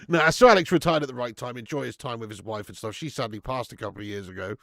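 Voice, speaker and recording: A middle-aged man, chatting excitably through a live football watch-along, swearing and bantering with his viewers. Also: mid-range voice, quick pace, few pauses, no room sound, studio quality.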